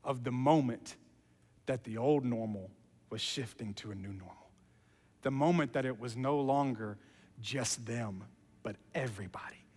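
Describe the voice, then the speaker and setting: A man preaching a sermon, telling the story in an animated way and dropping to a hush for emphasis. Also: mid-range voice, breathy edge, big-room sound. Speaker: pastor.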